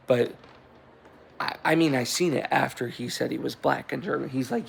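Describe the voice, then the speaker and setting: Casting twenties guy, mid-pitched, offhand vlog rambler who swears and restarts a lot, faint background noise. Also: fairly quick, creaky. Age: 20s. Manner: loose storytelling with frequent swearing and restarts. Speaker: vlogger. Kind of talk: casual rambling chat. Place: indoors at home, with a cat.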